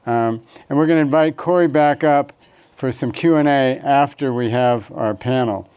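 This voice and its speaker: A man's voice: medium pitch, moderate pace, darkish tone, smooth. A man hosting a symposium, loosely introducing the next part and thanking partners. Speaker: symposium host. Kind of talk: event introduction.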